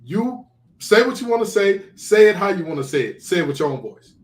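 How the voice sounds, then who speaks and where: A man hosting a casual podcast, ranting in an animated, incredulous way. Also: sits high, brisk. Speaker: podcast host. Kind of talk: casual sports podcast chat. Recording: roomy echo.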